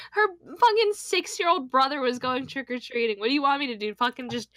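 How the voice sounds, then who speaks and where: A woman's voice: high voice, moderate pace, bright, forceful tone, no echo, studio quality. A woman chatting casually on a podcast, blunt and teasing, with lots of swearing.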